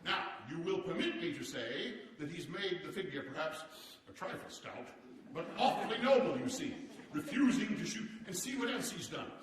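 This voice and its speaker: A man playing a hearty, boastful statesman from the turn of the century, telling stories to a seated audience in a theatrical, animated way with chuckles. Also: high-pitched, normal speed, background noise. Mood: genial. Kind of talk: live historical character monologue. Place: large hall with a seated audience. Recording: echoey hall, distant mic.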